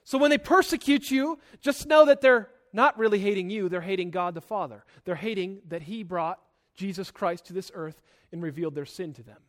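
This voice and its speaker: A young man preaching a sermon, emphatic, moving between loud and soft passages and often repeating words as he starts a sentence. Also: sits high, fairly quick, few pauses. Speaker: pastor.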